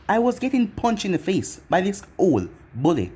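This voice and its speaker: A man's voice: high-pitched, huge pitch swings, moderate pace, darkish tone, breathy edge. Sarcastic man narrating fan fiction. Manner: sarcastic, first-person asides. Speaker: storyteller.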